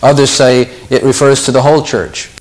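A man's voice: mid-range voice, little pitch movement, normal speed, a little mellow. A man leading an informal Bible study, talking things through casually, repeating words and lifting his voice when he quotes scripture.

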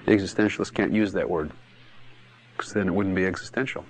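A man's voice: sits low, fast. Guy preaching, blunt, chuckles between points, does little voices for quotes. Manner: blunt, emphatic, laughs often, acts out quotes. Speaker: pastor. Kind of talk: sermon-style teaching talk.

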